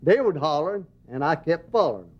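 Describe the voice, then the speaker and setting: A man's voice: fairly high pitch, big pitch swings, fairly quick. A man, a hollering champion giving short, plain-spoken answers in a casual interview. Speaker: hollering contest champion guest. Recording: dull lo-fi TV recording.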